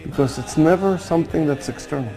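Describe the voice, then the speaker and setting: A man giving a storytelling sermon on Kabbalah, animated and acting out the quoted dialogue. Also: on the high side, a little fast, music in the background, rough recording. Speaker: Kabbalah teacher.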